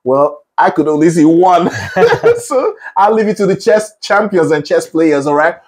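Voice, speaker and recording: Male singing teacher, husky voice, encouraging and explanatory. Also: sits high, very animated, measured pace. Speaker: vocal coach. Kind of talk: one-on-one singing lesson.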